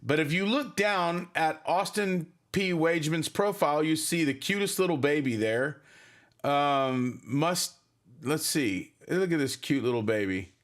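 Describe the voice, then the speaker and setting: A man's voice: on the high side, animated, measured pace. A man hosting a casual livestream for his band, rambling and chatty as he reads viewer comments. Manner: rambling, chatty, many fillers.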